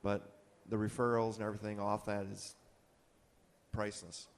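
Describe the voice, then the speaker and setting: Guy on a panel rambling thru a store story, kinda low voice, big echoey hall. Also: flat delivery, moderate pace. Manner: casual, rambling anecdotes with acted quotes. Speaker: boat dealer panelist. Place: conference hall. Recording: long hall reverb.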